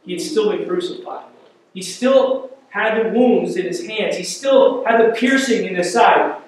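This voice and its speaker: Animated high-voiced pastor in an echoey church. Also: male voice, a little slow, a little hiss or hum. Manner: animated, acts out quotes, conversational asides. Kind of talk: sermon. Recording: echoey church hall from far off.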